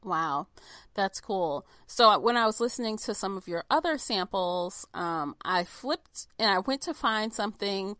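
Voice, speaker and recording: A woman's voice: mid-range voice, lively intonation, a little slow, a bit bright, dry recording. A woman podcast host asking friendly, enthusiastic interview questions. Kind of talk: interview chat.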